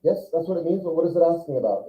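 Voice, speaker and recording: A man's voice: a little high, animated, rapid-fire. A male teacher giving a classroom lecture, talking casually and asking his students questions. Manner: conversational, asks the class questions. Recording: echoey, distant, muffled classroom recording.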